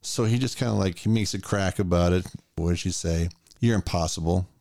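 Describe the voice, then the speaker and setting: A man with a very low, gravelly voice walks through a movie's plot in casual podcast chat. His tone is dark and mellow, recorded dry and close. He jumps into the characters' lines as he retells the scenes. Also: brisk, no echo. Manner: animated retelling, acting out lines. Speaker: podcast co-host.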